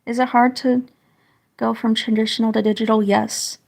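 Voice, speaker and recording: Raspy-voiced woman in rambling livestream chat. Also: a little high, little pitch movement, moderate pace, darkish tone. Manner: rambling, chatty, hedging with "I suppose". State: slightly hoarse, getting sick. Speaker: livestreaming artist; parent.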